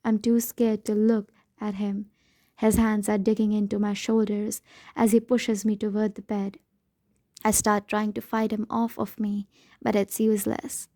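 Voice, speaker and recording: A woman's voice: medium pitch, mellow, no echo. A woman reading a novel aloud in first person, with a dramatic, emotional delivery. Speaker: audiobook narrator. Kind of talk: first-person audiobook narration.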